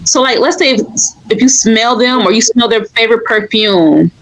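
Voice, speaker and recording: A woman's voice: on the high side, moderate pace, low-quality recording. A woman who works as a medium, speaking earnestly as a podcast guest and often filling with "like". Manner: earnest, leans on "like" as a filler. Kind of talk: casual podcast chat.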